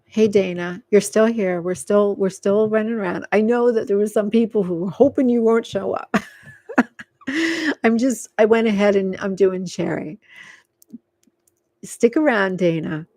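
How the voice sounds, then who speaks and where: A woman reads tarot live in an unhurried, meandering way, piling up fillers and soft reassurances. Her voice sits at a middling pitch and comes across dry and close, with no room sound. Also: no echo. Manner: rambling and filler-heavy, coaxing and soothing. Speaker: tarot reader. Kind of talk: live tarot reading, casual and unscripted.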